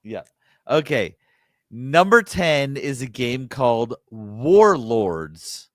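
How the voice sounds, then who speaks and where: A man co-hosting a gaming podcast in casual chat, playful and quick to laugh while reading listener messages. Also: mid-range voice, big pitch swings, no echo, clean studio sound. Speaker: podcast co-host.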